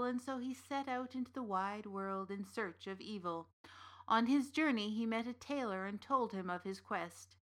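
A woman's voice: mid-range voice, a bit bright, lightly acted. A woman as an old witch telling a folktale. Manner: measured, deliberate storytelling. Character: old witch storyteller, knowing and dry. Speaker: narrator. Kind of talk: scripted storytelling narration.

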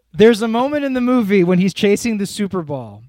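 A man's voice: high-pitched, a little mellow, dry recording, clean studio sound. A man co-hosting a podcast with his brother, chatting casually about a film in a rambling, self-interrupting, amused way. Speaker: podcast co-host. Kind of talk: casual movie-review chat.

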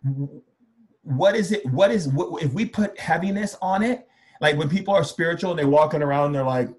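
A man's voice: on the high side, brisk. Man, spiritual workshop guest, playful, jokey, medium voice, casual chat. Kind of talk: casual conversational interview.

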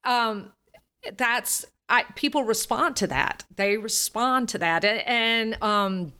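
Animated woman voice coach. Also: on the high side, slow, smooth. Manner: animated, demonstrates voices, drifts off on tangents. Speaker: voice and singing coach. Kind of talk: podcast interview guest.

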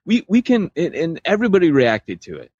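European male podcast co-host, husky, loose rambling delivery, dull dry recording. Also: a little high, wildly swooping pitch, a little fast, darkish tone, no echo. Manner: rambling, loose, full of fillers. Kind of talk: casual chat.

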